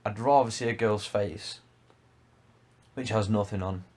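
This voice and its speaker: A man's voice: fairly low pitch, measured pace, darkish tone. A young man co-hosting a casual podcast, chiming in with agreement and jokes. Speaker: podcast co-host.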